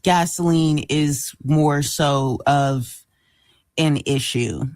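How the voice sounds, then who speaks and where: Low-voiced woman co-hosting a radio show. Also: extremely slow, darkish tone, dry recording. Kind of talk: casual chat. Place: radio studio.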